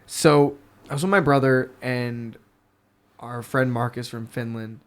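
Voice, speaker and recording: Young American guy, average pitch, swearing storyteller for a casual podcast chat. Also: steady tone, unhurried. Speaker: podcast guest.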